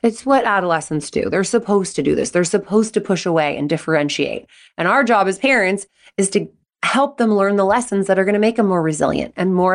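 A middle-aged woman hosting an advice podcast, talking in a chatty, animated way and acting out quotes from her stories. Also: medium pitch. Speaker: podcast host and coach. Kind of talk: casual advice talk.

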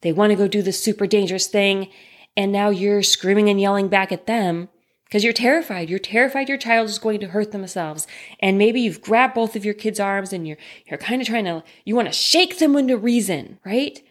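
Woman talking to you direct, earnest and reassuring, asks lots of questions, mid pitch. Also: moderate pace. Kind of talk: direct-to-listener talk on trauma.

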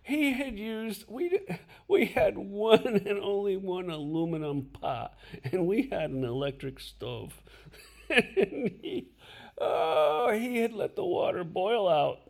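A man's voice: high voice, sing-song, slow, gravelly. An older man hosting a podcast, telling stories in a casual way and often laughing as he talks. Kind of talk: casual storytelling.

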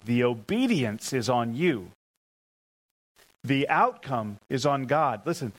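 A man's voice: moderate pace, low-quality recording. Emphatic preaching man. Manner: emphatic, repeats key phrases, leads the congregation in call-and-response; animated storytelling with rising pitch when excited. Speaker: pastor. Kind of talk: sermon.

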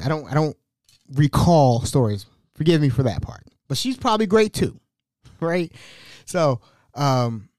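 A man's voice: fairly high pitch, a little mellow, no echo, studio quality. A young man hosting a podcast, casually telling family stories with laughs and imitations of relatives. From Ohio. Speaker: podcast host. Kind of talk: casual storytelling monologue.

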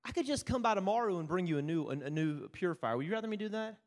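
A man's voice: high voice, animated, very fast. A man quoting an easygoing male vacuum salesman who gives casual, reassuring advice.

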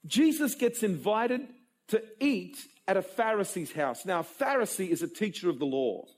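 Male preacher, emotional storyteller, lively pitch, breathy tone. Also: normal speed. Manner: emotional, animated storytelling with repeated stammered restarts. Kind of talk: sermon.

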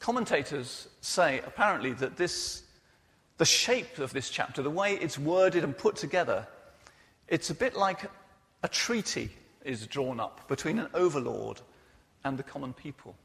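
High, lively male preacher in a reverberant hall. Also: normal speed, gravelly. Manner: earnest, personal, expressive preaching. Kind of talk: sermon. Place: church hall.

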